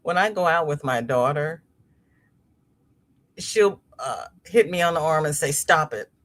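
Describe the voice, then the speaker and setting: Lively, low-voiced woman livestream host. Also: a little slow. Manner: animated storyteller, laughs often. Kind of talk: casual livestream chat, reading viewer comments.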